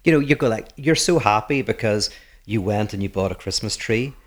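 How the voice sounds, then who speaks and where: Low-voiced man, dry teasing co-host. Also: expressive, fairly quick. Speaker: podcast co-host. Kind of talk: casual podcast chat.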